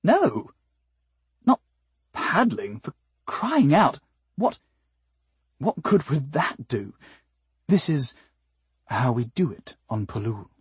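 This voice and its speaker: A blunt, eager alien woman, as a male narrator puts her on, talks in a hushed, breathy, matter-of-fact way and takes offence easily. The storybook voice has a husky grain and sounds close and dry. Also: medium pitch, sing-song, takes it slowly, long pauses, no echo, heavily acted. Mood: indignant.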